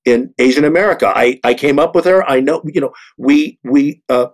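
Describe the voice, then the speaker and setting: Earnest halting man in his sixties. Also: mid-range voice. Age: 60s. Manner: earnest, halting with many repeated words. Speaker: actor, panel guest. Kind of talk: panel discussion.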